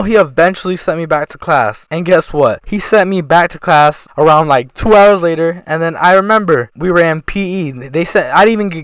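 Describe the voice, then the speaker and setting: A man's voice: on the high side, clear, resonant tone, no room sound. A young man casually telling a storytime tale, rambling and swearing a lot. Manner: profane, rambling, animated retelling. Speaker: storytime vlogger.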